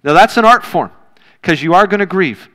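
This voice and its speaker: A man in his thirties delivers a sermon as a pastor, his voice sitting a little high for a man. He talks to the congregation in a direct, conversational way and leans into his points with rising force. The sound carries a long reverb tail, as if in a large church hall. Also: expressive, moderate pace, fairly bright tone. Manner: earnest, direct, conversational preaching with rising emphasis.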